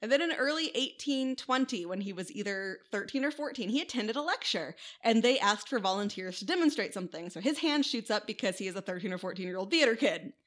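A woman's voice: mid-range voice, expressive, fast, hardly any pauses, a bit bright. A woman from the American Midwest co-hosting a podcast, telling history in a chatty way with wry asides. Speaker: podcast co-host. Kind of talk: casual history podcast chat.

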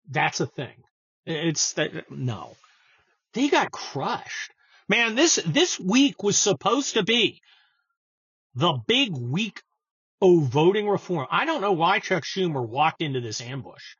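A man's voice: high voice, sing-song, takes it slowly, fairly bright tone, breathy edge, no room sound, dull audio. A man giving sarcastic, scornful political commentary on his show, often stumbling and restarting his sentences. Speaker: political podcast host.

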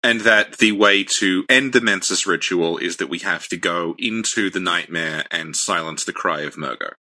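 A man co-hosting a casual game lore podcast, dry and deadpan. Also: sits low, moderate pace. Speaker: podcast co-host.

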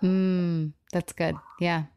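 A woman with a very low, smooth voice hosts a casual podcast chat. She speaks sympathetically and hedges her opinions with careful qualifiers. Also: level tone, extremely slow. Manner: warm and sympathetic, hedging. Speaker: podcast host.

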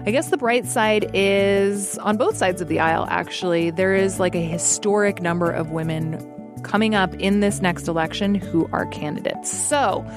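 A woman's voice: medium pitch, normal speed, over music. A woman with a Midwestern American accent hosting a podcast, chatty and playful in casual talk. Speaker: podcast host.

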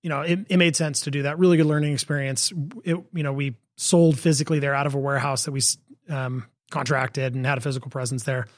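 A man of middle pitch talks through his business in a measured, explanatory way, pausing on fillers as he gathers his thoughts. The sound is dry and close, with no room around it. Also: flat delivery, no echo. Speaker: company co-founder and CEO, guest. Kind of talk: conversational podcast interview.

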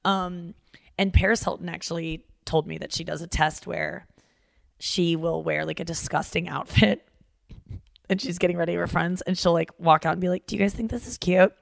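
A woman's voice: fairly low pitch, moderate pace, gravelly, no room sound. A woman in her thirties hosting a casual podcast chat, telling stories with lots of fillers and acted-out quotes. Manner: animated storytelling with lots of fillers and voiced quotes. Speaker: podcast host.

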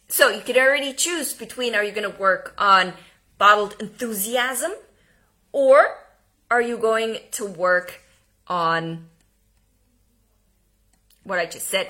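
A woman leads a live online workshop on tone of voice. Her voice is bright and forward, and she takes her time, leaving deliberate pauses. She shifts between loud, showy demonstrations and quiet, measured lines. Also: mid-range voice. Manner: laughs at herself, informal. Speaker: communication coach.

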